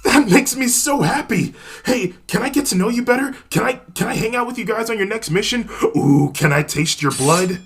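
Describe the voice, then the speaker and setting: A man voicing an excitable schoolgirl who gushes with rapid, eager chatter. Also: medium pitch, husky, pitched above the performer's own voice, full character voice. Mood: giddy. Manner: gushing, rapid, breathless eagerness. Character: giddy excitable schoolgirl with a creepy streak.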